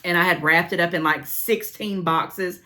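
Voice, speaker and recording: A woman's voice: lowish voice, moderate pace. A middle-aged woman chatting casually on her vlog, rambling and gushing to a friend and her viewers as she opens gift mail. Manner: squealing with excitement. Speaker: vlogger opening gift mail.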